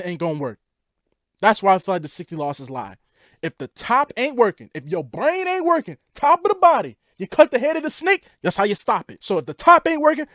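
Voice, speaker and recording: A man's voice: sits high, a bit bright, dry recording, studio quality. A young man hosting a sports vlog, giving casual commentary as an exasperated fan on a rant. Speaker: sports podcast host.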